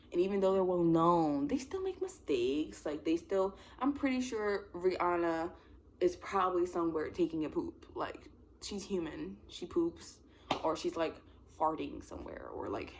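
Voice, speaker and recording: A woman's voice: low voice, a little hiss or hum. A young woman in her twenties chatting casually to camera, rambling with lots of "like" and frequent laughs. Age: 20s. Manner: rambling, animated, full of "like" and laughs. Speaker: vlogger. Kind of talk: casual chat.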